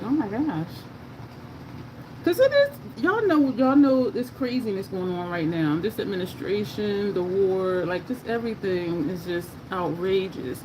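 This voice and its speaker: A woman doing a makeup tutorial, chatting in a casual, expressive way and often laughing as she talks to her viewers. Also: medium pitch. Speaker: makeup vlogger. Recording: noticeable background noise.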